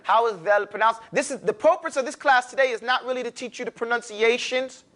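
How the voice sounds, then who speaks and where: A man with a New York accent teaching a class, lively and animated, urging his students to repeat after him. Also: extremely high pitch, fairly quick. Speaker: Arabic teacher. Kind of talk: classroom lecture.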